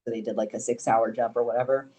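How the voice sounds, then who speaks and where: A young man, a podcast guest, telling stories in casual chat, animated and swearing freely. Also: medium pitch, quick pace. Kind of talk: casual storytelling.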